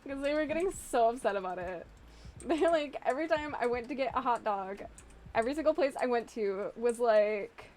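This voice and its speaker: A woman's voice: fairly high pitch, expressive, moderate pace, darkish tone. A young woman from the US Midwest chatting casually and giggling with viewers on a live stream. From Illinois, US Midwest.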